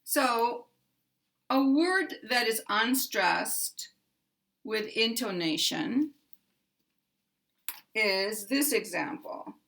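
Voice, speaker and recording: Slow, careful American woman teacher. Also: on the high side, lively intonation, a bit bright. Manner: deliberate, measured delivery with clear demonstrations. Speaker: pronunciation teacher.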